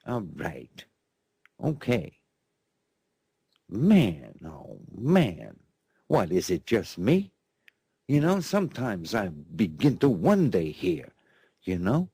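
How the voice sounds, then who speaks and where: A man's voice: deep voice, big pitch swings, slow, gravelly, long pauses. A man hosting a sarcastic news commentary show, rambling and mocking, often repeating himself. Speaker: host.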